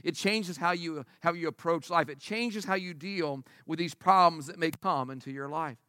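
Bright, high-voiced preaching man. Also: moderate pace, dry recording, clean studio sound. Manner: emphatic, conversational preaching with rhetorical questions. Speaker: pastor. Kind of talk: sermon. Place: church service before a congregation.

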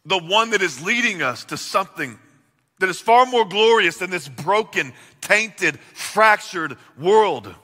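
A man's voice: high-pitched, expressive, measured pace, pushed and bright. Male pastor, sermon delivery, earnest with big volume swings; long reverb of a large hall. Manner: earnest preaching with swells and drops in volume.

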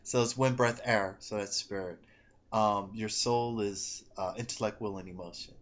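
A man's voice: fairly low pitch, steady tone, moderate pace, fairly bright tone. Rambling laughing podcast host, man. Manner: laughing, rambling, self-correcting. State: coming down with a cold. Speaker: podcast host and psychic medium. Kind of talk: casual podcast chat. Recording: slightly dull lo-fi audio.

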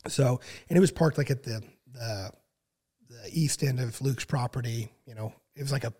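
A man in his thirties telling a long story in casual chat, with many fillers and frequent throat clearing. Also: medium pitch, moderate pace. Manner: relaxed, filler-heavy, clears throat often. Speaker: podcast guest.

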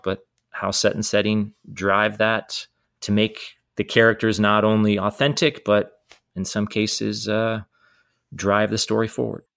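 A man co-hosting a writing podcast, analyzing film dialogue in a measured way. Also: on the low side, vocal fry, a bit bright, no echo, clean studio sound. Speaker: podcast co-host. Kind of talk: analytical discussion.

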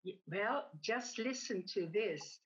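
A woman voicing an eager, chatty male pub landlord who speaks in excited, rising exclamations. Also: mid-range voice, slow pace, muffled recording.

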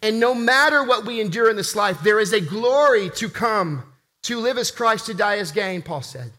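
A man's voice: sits high, lively intonation, normal speed, pushed and bright. A man preaching a sermon as pastor, impassioned, rising and falling for emphasis.

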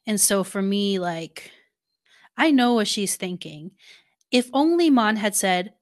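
A woman's voice: mid-range voice, slow pace, pauses often. Thoughtful woman chatting casually. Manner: thoughtful, full of filler words. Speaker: podcast co-host. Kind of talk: casual chat recapping a TV series.

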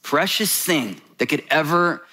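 Bright-voiced preacher man, joking and animated. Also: a little high, unhurried. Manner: joking, animated, laughs between points. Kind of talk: sermon.

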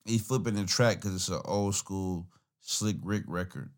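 A man's voice: sits low, a little slow, over music. A man hosting a podcast, giving casual, profane, rambling commentary on songs and laughing often. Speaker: podcast host reacting to music.

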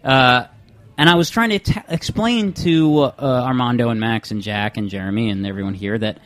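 A man's voice: medium pitch, fairly bright tone. Rambling, swearing young man on a podcast. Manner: rambling, swearing, halting restarts. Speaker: podcast host. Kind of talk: casual comedic podcast chat.

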